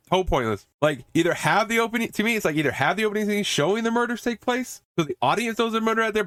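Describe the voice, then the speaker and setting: A man hosts a casual movie podcast and retells a slasher film scene by scene. His voice sits a little high and swings widely as he acts out lines, often breaking into laughter and the odd curse. The sound is close and dry, with no room around it. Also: a bit bright, no room sound. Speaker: podcast host reviewing a movie.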